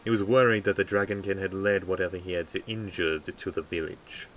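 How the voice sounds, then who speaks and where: A tired man streaming a game live, reading a story draft aloud in a measured way and stumbling over words. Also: low-pitched, fairly even intonation, a bit bright, low-quality recording.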